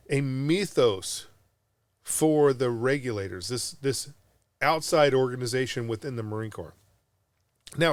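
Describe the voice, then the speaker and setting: In a podcast studio, a middle-aged Marine veteran from Southern California tells a story casually, bluntly and profanely, restarting often. His male voice sits at medium pitch with no room sound.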